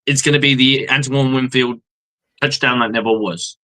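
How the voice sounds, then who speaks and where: A man's voice: mid-range voice, steady tone, normal speed, pushed and bright, poor audio. A man co-hosting a live sports reaction stream, heated and profane, acting out exchanges between referees. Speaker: co-host. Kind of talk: casual sports reaction chat.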